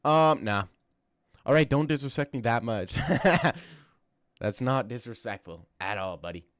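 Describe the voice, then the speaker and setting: A man's voice: mid-range voice, lively intonation, unhurried, fairly bright tone, dry recording, clean studio sound. Young man bantering with his chat. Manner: joking, stammering, banter with chat. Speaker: streamer reacting to fight news and chat. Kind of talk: casual live-stream chat.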